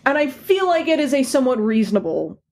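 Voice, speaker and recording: A woman's voice: high voice, big pitch swings, fast talker, darkish tone, a little hiss or hum. A woman guest on a podcast, talking bluntly and swearing freely as she gives her opinions in casual chat.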